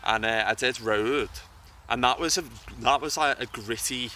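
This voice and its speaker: A young actor and YouTuber is interviewed outdoors by a bridge about acting, speaking in a mid-range, pushed, bright voice at a moderate pace. He talks casually and often restarts his sentences. The recording is made from a distance with faint outdoor noise.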